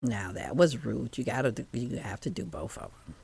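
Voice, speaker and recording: Woman, radio co-host, deep voice that swings widely in pitch, easygoing. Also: lively intonation, vocal fry, darkish tone, slight background noise. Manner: unhurried, chatty, lots of mm-hmms. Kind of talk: casual chat.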